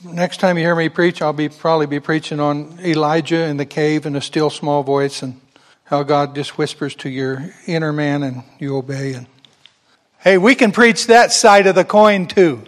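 A man's voice: a little high, moderate pace. A man pastor telling a personal story in a sermon, building to fervent preaching.

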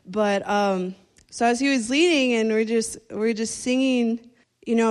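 A woman's voice: a little high, normal speed. A young woman preaching at a church service, telling a story with laughs and restarts, then leading an earnest prayer.

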